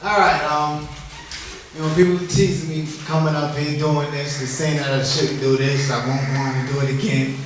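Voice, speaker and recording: A man's voice: fairly high pitch, level tone, moderate pace. A man from the area, doing a rambling, self-deprecating stand-up set at an open mic. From Boston area. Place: small lounge bar. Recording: echoey room from far off, faint noise.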